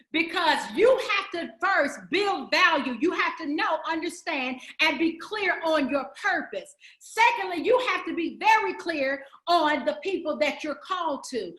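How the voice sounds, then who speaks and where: A woman's voice: sits high, a bit bright, echoey room. A woman giving a motivational speech to entrepreneurs, preacherly and emphatic, building through repeated phrases. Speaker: summit speaker.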